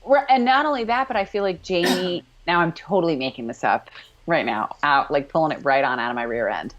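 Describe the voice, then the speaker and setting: Chatty female co-host, low-pitched, dull lo-fi recording. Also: fairly quick. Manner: chatty, self-deprecating asides. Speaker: podcast co-host. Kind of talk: casual recap chat. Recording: dull lo-fi sound.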